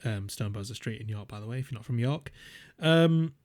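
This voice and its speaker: A man's voice: medium pitch, expressive, a little fast, darkish tone. Young man, podcast co-host, rambling, swearing, casual. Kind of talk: casual storytelling chat.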